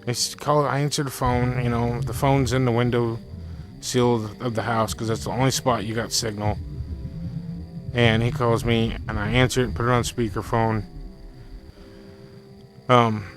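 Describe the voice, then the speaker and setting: Over faint background music, a young man rambles through a scary thing that happened to him, circling back on himself and bursting into excited quotes from his friend. He speaks at medium pitch and normal speed, pausing often, on a rough recording.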